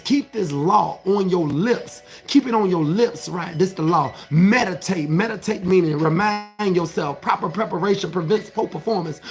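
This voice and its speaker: Man, motivational scripture talk, emphatic and repetitive, fry in the voice, talks right to viewers. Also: high voice. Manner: emphatic and repetitive, preacher-like cadence; talks straight to viewers, asks questions and answers them. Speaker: life coach.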